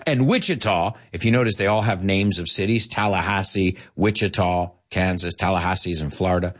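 A man teaching English to Spanish speakers, animated, explaining and repeating words as he goes. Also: sits low, a little fast. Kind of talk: bilingual language lesson.

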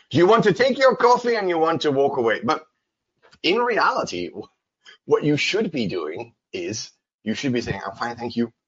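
A male English teacher talks in a casual, playful way and acts out short exchanges in silly voices. His pitch leaps widely, his voice is a little husky, and the recording sounds slightly dull and lo-fi. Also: a bit bright. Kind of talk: casual spoken English lesson.

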